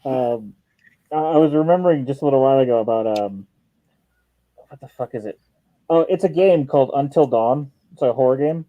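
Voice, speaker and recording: A man's voice: mid-range voice, fairly quick, dry recording. Joking, swearing man on a dull lo-fi stream mic. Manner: joking, profane, laughs often. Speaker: stream host. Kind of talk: casual stream chat.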